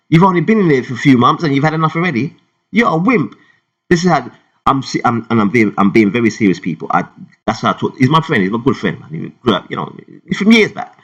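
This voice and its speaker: Animated London man talking crypto. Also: brisk, muffled recording. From England. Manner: animated, slangy, rambling, swings from loud to low. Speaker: crypto vlogger. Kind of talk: casual talk to camera.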